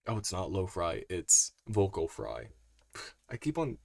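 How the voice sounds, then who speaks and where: A man's voice: sits low, very animated, measured pace, vocal fry. A young man streaming a game live, chatty and rambling, with frequent side comments. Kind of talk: live game playthrough, reading aloud.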